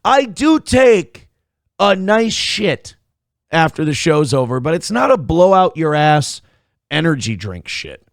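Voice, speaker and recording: Crude, rambling morning show host. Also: male voice, a little high, very animated, measured pace, gravelly, no echo, studio quality. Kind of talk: casual live-stream commentary.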